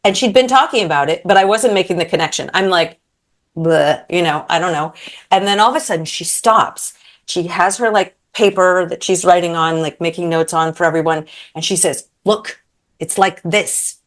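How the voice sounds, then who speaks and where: A woman's voice: lowish voice, fairly quick. A woman in her thirties, a podcast guest, telling a story in casual chat and acting out quotes, with many fillers.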